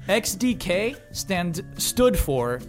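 A man hosting a casual podcast, joking his way through listener mail and corrections. His voice sits high and swings widely in pitch, animated throughout. Faint music plays underneath. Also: very slow. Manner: animated, joking host reading a listener question. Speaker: podcast moderator.

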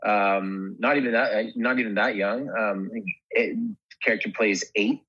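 A man, an actor, chatting in an interview, halting and restarting his sentences often. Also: lowish voice, steady tone, pushed and bright, lo-fi sound. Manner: halting, many restarts and fillers. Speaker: actor guest. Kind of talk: casual interview chat.

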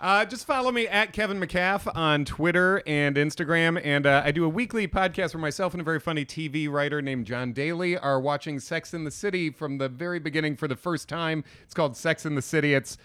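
A man's voice: fairly high pitch, brisk, few pauses, bright, forceful tone, smooth, no room sound. A man co-hosting a podcast in casual chat, joking and laughing often. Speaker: podcast co-host.

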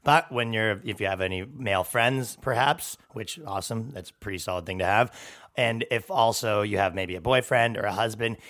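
A man's voice: fairly low pitch, moderate pace, fairly bright tone. A man hosting a podcast, delivering a sarcastic, profane, rambling comedic rant. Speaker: podcast host. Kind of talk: comedic monologue.

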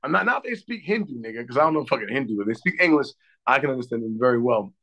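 Gravelly tired man joking around. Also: mid-range voice, animated, very fast, bright, forceful tone, lo-fi sound. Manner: profane, joking, laughs often. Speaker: podcast co-host. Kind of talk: casual chat.

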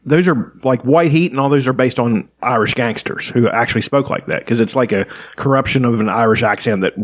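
A man's voice: mid-range voice, fairly quick. A man co-hosting a casual podcast chat, talking loosely with restarts. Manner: chatty, prone to restarts and voice impressions. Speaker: podcast co-host.

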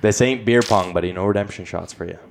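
A man's voice: fairly low pitch, fast talker, creaky. A man from Canada co-hosting a podcast, joking around and teasing his friends in casual chat. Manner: teasing, profane banter. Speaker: podcast co-host.

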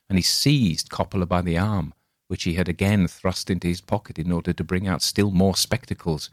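A man reading a classic tale aloud as scripted narration, measured and expressive. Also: sits low, no echo, studio quality. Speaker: audiobook reader.

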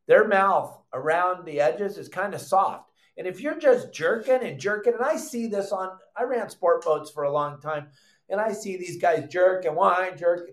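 An older man hosting a live fishing show, teaching in an animated, loud way with surfer slang. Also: fairly high pitch, roomy sound. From Southern California.

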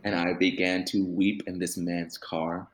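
A young man with a fairly low voice tells a personal story in a relaxed interview. He performs the other people's lines as he goes and laughs along with his own tale. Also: unhurried. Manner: animated storyteller acting out quoted voices, with laughter. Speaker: musician and band leader.

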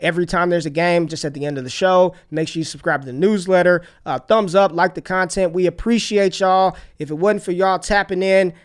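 A man's voice: high voice, steady tone, fairly quick, hardly any pauses, clear, resonant tone. A man hosting a casual sports podcast, talking loosely with restarts and casual swearing. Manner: loose, repetitive, swears casually, hypes sponsor. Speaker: podcast host.

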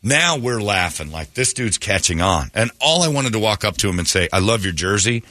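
A man from Phoenix hosting a radio show, telling a story in a casual, animated way and mimicking the people in it. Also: lowish voice, a little fast, dry recording, clean studio sound. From Phoenix, Arizona.

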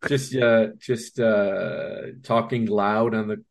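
Easygoing, low-voiced man co-host. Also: fairly even intonation, slow, creaky. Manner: easygoing, with fillers. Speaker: podcast co-host and youth basketball coach. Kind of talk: casual podcast chat.

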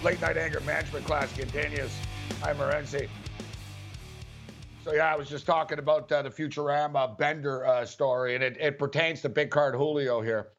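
A man's voice: fairly high pitch, fairly even intonation, moderate pace, creaky, over music. A man hosting a sports betting radio show, rambling casually with frequent chuckles.

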